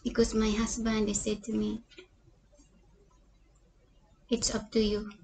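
Tired lady vlogger, broken english, kinda flat voice, a bit of background noise. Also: a little high, gravelly. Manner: halting, non-native English, often addresses "people"; tired and sad, with small laughs. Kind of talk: casual eating vlog talk to viewers.

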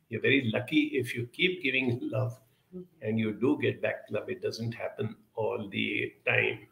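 Gravelly, earnest male counsellor. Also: medium pitch, fairly even intonation, measured pace, fairly bright tone, reverberant. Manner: earnest, advisory, with frequent hesitations. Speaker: counsellor giving a talk. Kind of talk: talk answering audience questions.

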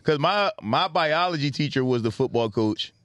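A man with a slightly high voice speaks at a moderate pace, with no echo in the recording. He co-hosts a comedy podcast, telling stories in animated casual chat and laughing often.

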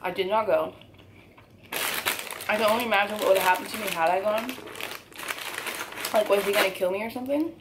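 A woman's voice: mid-range voice, a little fast, long pauses, noisy background. A young woman in her twenties telling an emphatic, candid story to camera for her channel while eating at home. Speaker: YouTuber.

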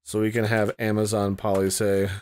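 A man's voice: fairly low pitch, flat delivery, moderate pace, a little mellow. A man hosting a casual tutorial, explaining in a rambling, conversational way and thinking aloud as he goes. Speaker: tutorial host. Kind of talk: casual screen-recorded tutorial.

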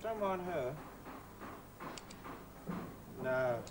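A cheeky Irish factory lad of twenty with an Irish accent, earnest and quick to answer back. His voice leaps up and down in pitch. It comes through a hissy old television broadcast. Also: expressive. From Ireland. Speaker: young factory worker.

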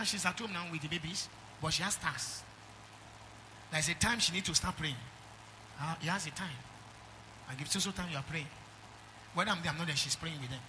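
With a sharp tone in a high-sitting voice, a middle-aged pastor with a Nigerian accent delivers an emphatic sermon and draws amens from the congregation. A little hiss or hum runs under the recording.

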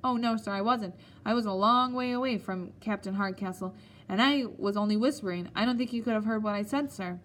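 A woman's voice: medium pitch, fairly quick, a bit bright, a little hiss or hum, lightly acted. A woman doing a frightened, pleading little schoolboy. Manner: pleading, timid, polite.

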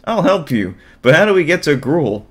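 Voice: medium pitch, big pitch swings, normal speed, pitched above the performer's own voice, close to an everyday voice. A streamer voicing a young boy in a storybook who is trying to sound brave. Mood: eager.

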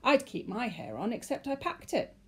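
A woman voicing a panicky short bald man who shouts and hisses as he rushes to flee, raised well above her own tone, soft and slightly husky. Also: on the high side, big pitch swings, voice pushed up. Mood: panicked shouting. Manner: shouting, frantic.

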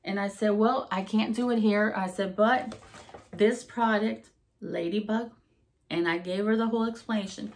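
A woman who managed a hair salon, telling a personal story in a casual, animated way and acting out the voices she quotes. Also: mid-range voice, normal speed.

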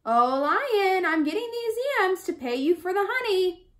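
A woman voicing a small male bush rat with a squeaky, pleading voice. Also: sing-song, unhurried, a bit bright, heavily acted.

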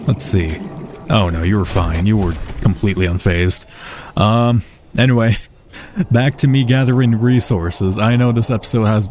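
A man's voice: fairly low pitch, a little mellow, slight background noise. A man giving casual, chatty commentary over his own gameplay, swearing freely and talking to the creatures on screen, from a desk mic. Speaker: let's play gamer.

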